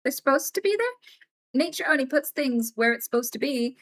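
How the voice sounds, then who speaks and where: Live-streaming from home, a woman with a high, slightly fast voice shares a casual story with her chat. She gets animated and emphatic, and the swearing comes often.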